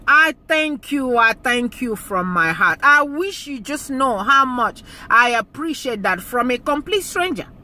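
Slow-spoken woman with a bright voice. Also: sits high, animated. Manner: emotional, earnest, repeats phrases for emphasis. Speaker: YouTube channel host. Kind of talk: heartfelt thank-you talk to viewers.

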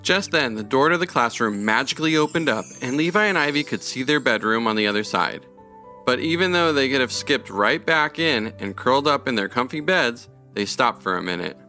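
A man narrating a children's story with a bright, clear, forceful tone. He reads gently and evenly, with soft music underneath. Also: medium pitch, expressive, a little fast.

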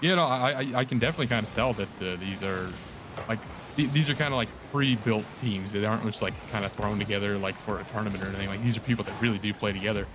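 A man calling esports play-by-play in a quick, rambling way, often correcting himself mid-sentence. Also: fairly low pitch, noisy background. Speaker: play-by-play caster.

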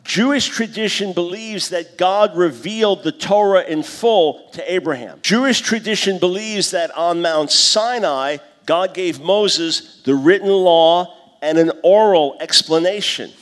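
A man in his fifties giving a conference lecture on scripture, teaching in a lively way and acting out the voices he quotes. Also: sits high, unhurried. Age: 50s. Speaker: conference speaker. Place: conference hall. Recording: long hall reverb.

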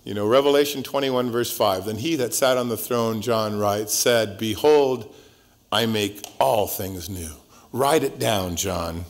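Male pastor teaching verse by verse, chatty and jokey, voice jumps up and down a lot. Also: unhurried. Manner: conversational and joking, with wide swings in pitch and loudness.

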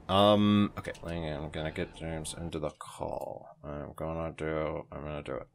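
A man's voice: lowish voice, lively intonation, normal speed. A man giving casual, jokey commentary while playing an online game, with mock-dramatic outbursts and swearing.

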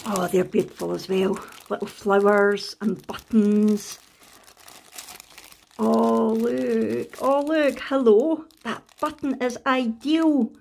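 A Scottish woman in a casual craft unboxing vlog, excitable and gushing, with frequent gasps and delighted exclamations. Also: fairly high pitch, slow pace, creaky. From Scotland. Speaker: craft vlogger.

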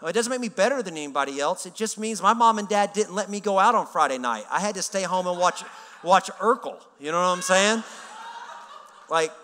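A man's voice: high-pitched, bright, forceful tone. A male pastor telling a story in a sermon, casual and humorous, acting out the dialogue he quotes. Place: large church hall. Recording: reverberant church hall.

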